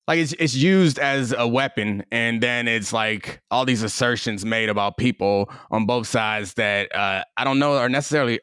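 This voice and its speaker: A man's voice: medium pitch, fairly bright tone, dry recording. A man co-hosts a casual podcast and reasons through his points carefully, hedging as he goes. His mid-range voice comes through dry and close, with no room sound. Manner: thoughtful, hedging, measured. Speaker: podcast co-host. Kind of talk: casual sports and culture chat.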